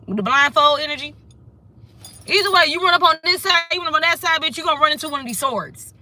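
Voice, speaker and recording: A high, bright woman giving a casual tarot reading. She talks sassy and emphatic, swears freely and hammers her points home by repeating them. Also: expressive, quick pace. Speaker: tarot reader.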